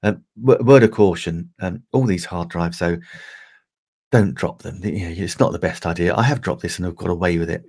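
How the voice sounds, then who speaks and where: A man's voice: low-pitched, moderate pace, darkish tone. A middle-aged English man chatting casually on a livestream, rambling with many fillers and restarts. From England. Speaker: livestream host.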